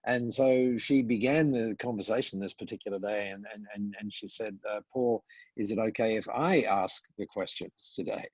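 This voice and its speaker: Husky older man telling a lively story. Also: on the low side, moderate pace, no echo, dull audio. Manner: animated storyteller, acting out quoted dialogue, frequent "uh" and repeats. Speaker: podcast guest. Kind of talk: storytelling in conversation.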